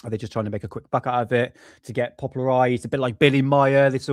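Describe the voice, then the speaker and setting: A man's voice: medium pitch, steady tone, quick pace, a little mellow, dry recording, studio quality. A man casually chatting as host of a live stream, laughing along with viewer comments. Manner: chatty, laughs at viewer comments, drifts back to his notes.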